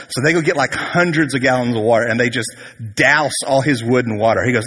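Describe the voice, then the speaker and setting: Husky pastor in a reverberant hall. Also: male voice, medium pitch, fast talker. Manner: conversational, animated storytelling with humor. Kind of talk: sermon.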